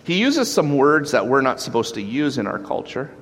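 A man preaching a sermon, animated, acting out quoted voices with sudden jumps in pitch. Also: moderate pace. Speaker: pastor.

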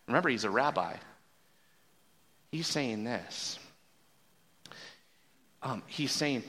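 A man's voice: fairly high pitch, big pitch swings, a little slow, creaky, long pauses, pushed and bright. A man in his forties preaching a sermon as a pastor, casual and joking, often restarting his sentences. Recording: long reverb from a large hall.

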